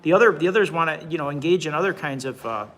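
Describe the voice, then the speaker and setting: A man's voice: on the high side, animated, fast talker, a bit bright, low-quality recording. A man in his forties hosting a casual livestream, reading viewer comments aloud and rambling with frequent restarts and repeated words. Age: 40s. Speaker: livestream host.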